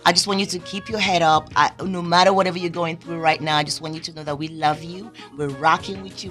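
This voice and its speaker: A woman hosting an interview show, speaking in a warm, encouraging, preacher-like way. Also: lowish voice, steady tone, quick pace, few pauses, faint music behind. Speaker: host. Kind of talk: casual interview chat.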